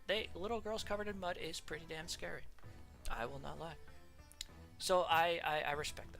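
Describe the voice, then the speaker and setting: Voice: mid-range voice, fairly bright tone. A streamer chatting casually while ranking characters, laughing often and trailing off mid-sentence. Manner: giggly, rambling, trails off and restarts.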